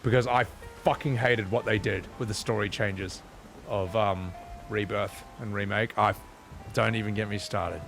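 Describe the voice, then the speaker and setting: A man streaming a game, chatting casually with his viewers in animated, joking, self-deprecating rants. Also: lowish voice, moderate pace, creaky, faint music behind.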